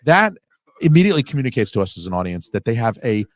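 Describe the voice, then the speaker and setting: A man's voice: mid-range voice, very animated, quick pace, no echo. A man hosting a casual audio commentary on a film, talking in a rambling, analytical way with the odd swear word.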